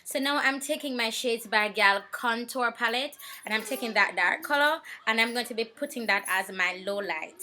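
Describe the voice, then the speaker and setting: A woman's voice: on the high side, normal speed, few pauses, bright, forceful tone. A woman, talking casually through a makeup tutorial, chatty and repeating herself. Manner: chatty, repeats herself, talks while working. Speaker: makeup vlogger.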